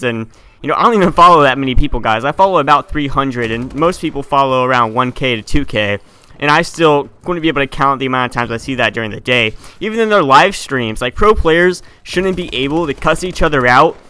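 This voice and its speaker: Teenage guy ranting, bright and crisp. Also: fairly high pitch. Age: teens. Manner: heated, indignant ranting with frequent restarts and stumbles. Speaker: gaming YouTuber. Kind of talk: opinion rant vlog.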